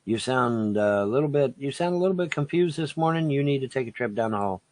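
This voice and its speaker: A man's voice: medium pitch, lively intonation, a little fast, a little mellow, no echo. A man brushing off critics in a mocking, profane way.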